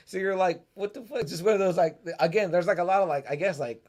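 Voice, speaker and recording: A man's voice: sits high, fast talker, a little mellow. Filler-heavy swearing male podcast host. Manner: profane, filler-heavy, lots of "like". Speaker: podcast co-host reading chat comments. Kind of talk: casual chat.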